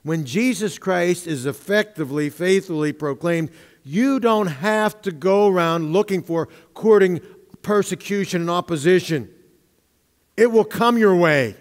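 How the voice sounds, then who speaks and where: A man preaching a sermon as pastor, with emphatic, drawn-out stresses and humorous asides, in a church sanctuary. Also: high voice. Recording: long reverb of a church hall.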